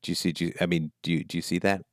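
A man's voice: low voice, little pitch movement, racing, no room sound, clean studio sound. A man hosting a call-in advice show, questioning a caller bluntly and emphatically. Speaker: call-in show host, philosopher.

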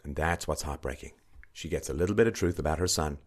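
Low-voiced man giving emphatic commentary. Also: fast talker, slightly rough. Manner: emphatic, repetitive, swings into mocking higher-pitched quoting. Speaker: commentator reading an article. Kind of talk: spoken commentary on a news article.

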